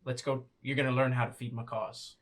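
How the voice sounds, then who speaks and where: A woman playing a blustery, generous male gentleman explorer in a tabletop role-play, with a bossy, jovial manner. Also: a bass voice, little pitch movement, brisk.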